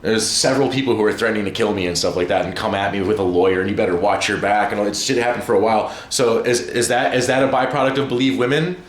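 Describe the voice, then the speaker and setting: A man streaming from home, chatting casually, excitable and profane, rambling from one thing to the next. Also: lowish voice, fast talker, few pauses, echoey room. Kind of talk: casual livestream chat.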